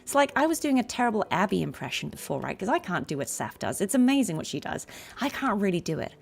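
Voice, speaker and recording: A woman's voice: medium pitch, big pitch swings, fast talker, creaky, husky. A woman streamer and voice actor chatting casually, explaining voice tricks in a chatty, self-deprecating way.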